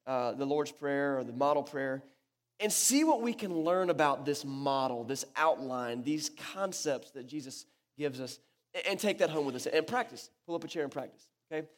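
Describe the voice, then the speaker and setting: In an echoey church hall, a pastor preaches to his congregation in a medium-pitched voice at a moderate pace. His delivery is casual and animated, and he keeps restarting his sentences.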